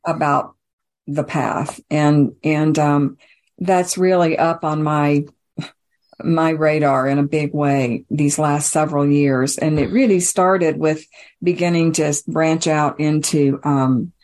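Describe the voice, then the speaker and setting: A woman's voice: low voice, steady tone, takes it slowly. A woman author talking about her book in an interview, reflective, with frequent restarts and small laughs. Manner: reflective, warm laughing asides, many restarts. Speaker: author guest. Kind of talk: casual interview conversation.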